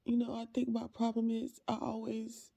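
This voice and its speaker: A woman, a faith ministry creator, speaking in a halting, heartfelt personal monologue with soft trailing phrases. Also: a little high, completely flat delivery, vocal fry, no room sound.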